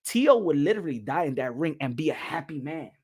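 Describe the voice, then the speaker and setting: A man hosting a boxing show, talking in an animated, rambling way and slipping into Spanish. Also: on the high side, fairly quick, breathy edge. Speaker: boxing podcast host. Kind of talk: casual boxing commentary.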